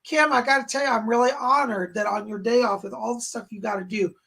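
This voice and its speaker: Hoarse, gravelly man greeting viewers. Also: extremely high pitch, fast, noisy background. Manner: exuberant, calls himself by name in the third person. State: hoarse, clearing his throat. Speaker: psychic medium hosting a live stream. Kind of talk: casual live-stream chat greeting viewers.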